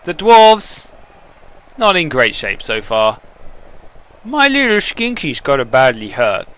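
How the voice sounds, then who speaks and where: A man giving excitable, taunting commentary over a video game he is playing. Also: mid-range voice, takes it slowly. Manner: excitable, taunting trash talk. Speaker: gaming commentator. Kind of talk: let's-play commentary.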